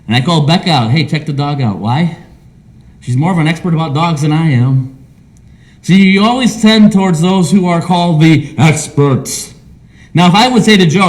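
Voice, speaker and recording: A pastor of a small church delivers a sermon in a Midwestern American accent, his voice a little high and his pace normal. He's animated, acting out imagined conversations as he preaches.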